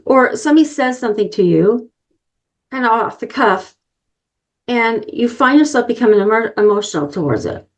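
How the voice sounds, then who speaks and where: A middle-aged woman giving an inspirational talk, telling a personal story earnestly and addressing the listeners directly. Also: on the high side. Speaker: summit speaker.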